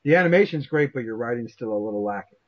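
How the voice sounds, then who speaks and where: A man hosting a casual interview chat, animated and self-deprecating, swearing freely. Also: mid-range voice, fast, muffled recording. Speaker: show host.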